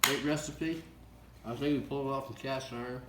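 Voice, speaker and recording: A man's voice: mid-range voice, steady tone, fairly quick. A man co-hosting a casual cooking show, folksy and chuckling, enthusiastic about the food, in an echoey room with background noise. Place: workshop.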